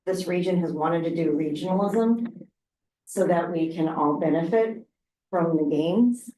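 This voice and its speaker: A woman's voice: on the low side, darkish tone, recorded from a distance. A middle-aged woman, a regional council president, speaking candidly and chattily at a council work session. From Oregon. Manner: candid, chatty, frank, with laughs and filler words. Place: city council meeting room. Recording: roomy meeting room with faint noise.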